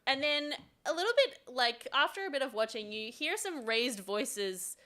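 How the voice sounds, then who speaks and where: A woman's voice: high voice, animated, moderate pace, sharp tone. A woman narrating as dungeon master in a tabletop game, chatty and laughing often. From studied at a university.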